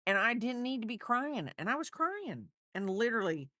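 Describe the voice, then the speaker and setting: A woman's voice: fairly high pitch, very animated, moderate pace, bright, forceful tone, dry recording, studio quality. A woman crochet streamer in a rambling, chatty livestream, talking to her viewers. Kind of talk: casual livestream chat.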